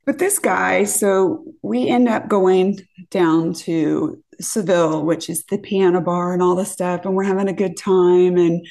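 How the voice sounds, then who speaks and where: A woman's voice: lowish voice, vocal fry, darkish tone. A woman from California, a podcast guest, telling a dating story casually, acting out quotes and swearing freely.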